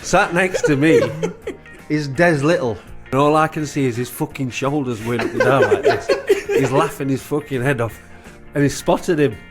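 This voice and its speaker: A man's voice: fairly high pitch, normal speed, soft background music. A man, a former goalkeeper telling a sweary, laughing anecdote. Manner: loud, animated, sweary, laughing storyteller.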